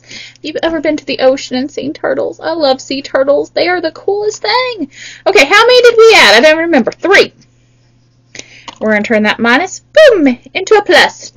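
Very high, lively-voiced woman tutor. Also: low-quality recording. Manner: playful sing-song, exaggerated excitement. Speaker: math tutor. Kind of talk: children's math lesson.

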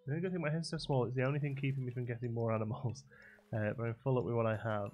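A man's voice: medium pitch, fairly even intonation, racing, a little mellow, lo-fi sound, soft background music. A man streaming a farming game, chatting and thinking aloud as he plays. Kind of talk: casual gameplay commentary.

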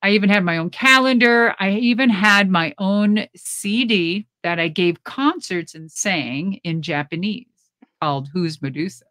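A middle-aged woman, a former pro wrestler, telling stories in a casual interview with blunt, profane, animated talk and frequent laughs. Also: medium pitch, unhurried, no room sound, clean studio sound.

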